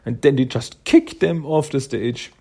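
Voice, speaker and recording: Gravelly man recapping a comic. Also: mid-range voice, a little slow, darkish tone. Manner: chatty, laughs often, retells scenes with quotes. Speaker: comic book reviewer.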